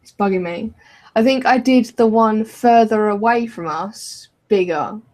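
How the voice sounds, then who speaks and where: High-voiced woman, slow and giggly. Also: darkish tone, low-quality recording. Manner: giggly, thinking aloud. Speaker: podcast co-host. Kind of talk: casual chat while drawing.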